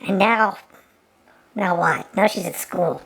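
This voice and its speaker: Gravelly-voiced woman mocking an old film. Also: lowish voice, slow pace, a bit bright, rough recording. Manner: mocking, repeats words often. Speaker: commentator. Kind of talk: sarcastic film commentary.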